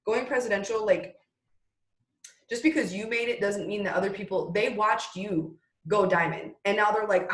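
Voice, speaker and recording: A woman's voice: medium pitch, moderate pace. A woman talking business motivation as a guest, rambling and restarting her sentences as she speaks straight to the listeners. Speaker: network marketing leader guest. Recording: roomy echo.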